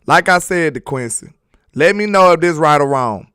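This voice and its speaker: A man's voice: a little high, animated, normal speed, a bit bright, smooth, no echo, studio quality. Slangy laughing sports-stream host man. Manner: loose, slangy and repetitive, laughs often. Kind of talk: casual live-stream chat reading viewer comments.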